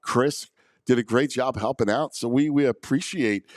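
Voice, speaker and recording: A man's voice: medium pitch, moderate pace, darkish tone, no echo. A man hosting a sports talk show in a studio, chatting with enthusiasm and heaping on praise.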